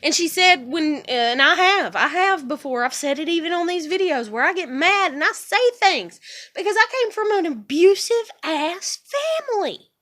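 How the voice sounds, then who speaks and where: A woman's voice: very high voice, lively intonation, moderate pace, a bit bright. A woman ranting in a personal vlog, blunt, profane and passionate, rambling from one point to the next. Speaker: vlogger.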